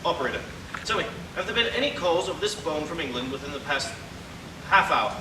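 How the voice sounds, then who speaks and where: A man's voice: fairly high pitch, expressive, brisk, close to an everyday voice. A man acting in a community stage play, playing an acerbic, scheming older celebrity critic with a sardonic, theatrical manner. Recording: echoey hall from far off, noise.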